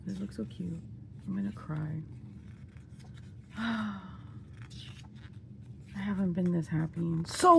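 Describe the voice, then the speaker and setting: A woman's voice: medium pitch, creaky, a little hiss or hum. A young woman, gushing and giggling as she unboxes albums in a casual vlog. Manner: giddy, gushing, laughs often. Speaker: unboxing vlogger. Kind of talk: excited casual unboxing chat.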